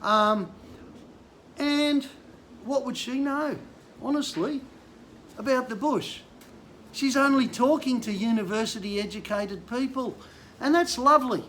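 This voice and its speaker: A man's voice: very high voice, unhurried, pauses often, a bit bright, a little hiss or hum. An older man from Queensland with an Australian accent, a bush mechanic venting frustration in a blunt political rant to camera. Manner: frustrated, blunt, rising to angry outbursts.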